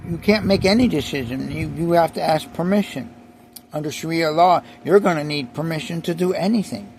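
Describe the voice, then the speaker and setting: A man with a high, gravelly voice rants in a slow, deliberate monologue. He repeats himself with emphasis and keeps restarting sentences. Faint vehicle noise hums underneath. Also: a little mellow. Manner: emphatic, repetitive, restarts often. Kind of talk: ranting monologue to camera.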